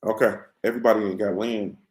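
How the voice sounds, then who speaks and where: A man's voice: lowish voice, steady tone, fast, a little mellow, roomy sound, poor audio. A man hosting a boxing morning show from a room at home, chatting casually in a loose, rambling, slang-heavy way into his computer's mic. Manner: laid-back, rambling, slangy.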